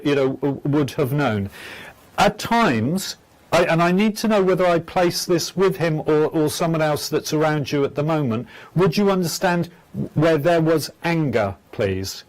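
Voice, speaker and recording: A man hosting a live phone-in show as a psychic medium, speaking gently and haltingly, with many stammers and restarts. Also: fairly high pitch.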